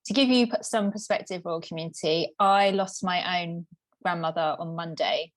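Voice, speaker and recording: A woman's voice: on the low side, moderate pace. A woman co-hosting a casual podcast chat, candid and chatty. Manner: candid and chatty, laughing between thoughts. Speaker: podcast co-host.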